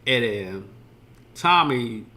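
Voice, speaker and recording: A man's voice: mid-range voice, expressive, drawn-out words, sharp tone. A man streaming a casual reaction commentary, rambling loosely and swearing freely as he retells scenes.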